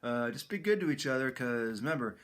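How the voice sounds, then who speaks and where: Relaxed friendly man making announcements. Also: medium pitch, a little fast. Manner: relaxed and friendly, with fillers and restarts. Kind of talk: casual morning announcements.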